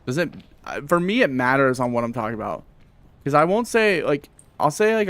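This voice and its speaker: A man's voice: on the high side, big pitch swings, brisk, a bit bright, no room sound. A young man chatting casually while streaming a game, rambling with lots of fillers and answering chat. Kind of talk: casual gameplay livestream chat.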